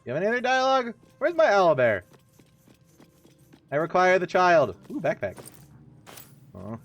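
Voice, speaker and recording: A man's voice: sits high, big pitch swings, moderate pace, highs cut off, faint music behind. A man streaming a video game, giving casual, rambling, jokey and self-mocking commentary as he plays. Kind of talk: casual let's-play commentary.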